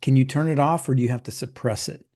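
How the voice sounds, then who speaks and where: A man's voice: medium pitch, mellow. A middle-aged man coaching in casual conversation, chatty and explaining with homely examples. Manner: chatty, acts out clients in quick put-on voices.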